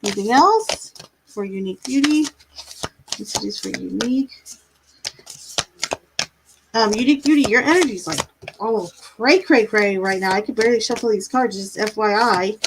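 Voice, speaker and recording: A woman's voice: fairly high pitch, moderate pace, long pauses, noisy background. A woman doing tarot readings on a live stream, chatty, laughing now and then, drawing out her words. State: yawning, a bit tired. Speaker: tarot reader.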